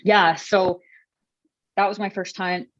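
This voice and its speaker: A woman's voice: medium pitch, little pitch movement, slow pace, fairly bright tone, no echo, dull audio. A woman podcast guest telling hunting stories in a casual, chatty way, full of "like" and "you know" fillers. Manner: chatty, many fillers, gets emotional when telling stories. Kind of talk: casual interview storytelling.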